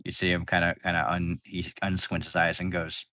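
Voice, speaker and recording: A man narrating as game master in a tabletop role-playing game, casual and relaxed. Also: low voice, fairly quick, few pauses, no room sound.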